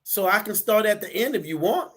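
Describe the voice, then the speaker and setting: A man in casual talk, animated, acting out the people he quotes as he tells stories. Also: high voice, a little fast. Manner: animated storyteller, acts out quotes.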